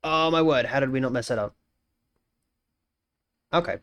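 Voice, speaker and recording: A man's voice: medium pitch, moderate pace, fairly bright tone. A young Australian man chatting casually on a live stream, musing aloud, repeating phrases and greeting viewers by name.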